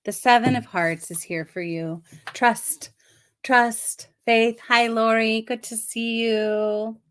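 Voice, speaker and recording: A woman with a voice on the high side reads cards live as a numerology coach, taking it slowly. Her intonation is fairly even and her tone clean. She stays soft, affirming and reflective, regularly pausing to check in with the listener.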